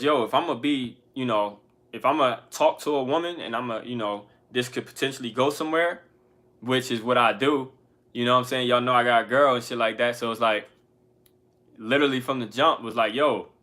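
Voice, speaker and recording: A male music artist and channel host delivers a relaxed motivational talk to camera, frank and peppered with profane slang. His voice sits at medium pitch and comes across pushed and bright.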